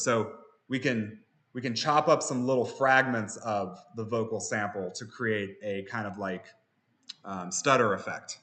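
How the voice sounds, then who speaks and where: A man teaching music production software, relaxed, with frequent fillers and restarts. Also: on the low side, unhurried. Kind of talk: software tutorial.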